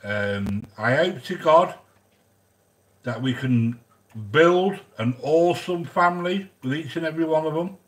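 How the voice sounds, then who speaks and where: A man's voice: on the high side, animated, unhurried. A man chatting casually while hosting a cooking vlog, rambling and joking and greeting viewers by name. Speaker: cooking channel host.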